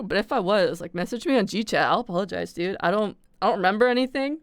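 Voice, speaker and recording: A woman's voice: mid-range voice, expressive, fast, no echo. A young adult woman live streaming, chatting candidly and confessionally to her viewers in slangy, casual talk on a close desk mic. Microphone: desk mic close to the mouth.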